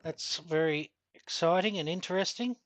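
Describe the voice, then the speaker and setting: A man's voice: fairly high pitch, moderate pace, no room sound. Chatty Australian man, dry close mic. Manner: chatty, reads out and answers viewer comments. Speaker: gaming streamer. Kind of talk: casual live-stream chat while gaming.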